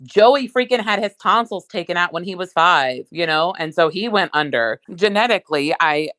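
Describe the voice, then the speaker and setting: A woman's voice: lowish voice, animated, normal speed, a bit bright, no room sound. A woman talking in casual chat, rambling with lots of asides.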